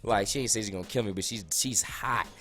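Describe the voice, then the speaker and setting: A man's voice: fairly low pitch, quick pace, pushed and bright. A young man in casual, slangy storytime, losing his voice a little. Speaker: vlogger.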